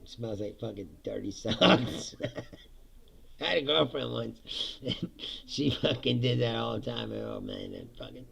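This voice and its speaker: A man's voice: mid-range voice, sing-song, a little slow, gravelly, fairly bright tone, husky. A man hosting a casual, profane monologue, laughing often and mocking others in silly voices. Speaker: host.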